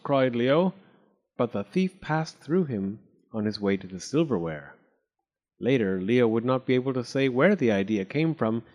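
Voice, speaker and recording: A man narrating a children's storybook aloud in an expressive, animated way. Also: mid-range voice. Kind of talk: storybook reading.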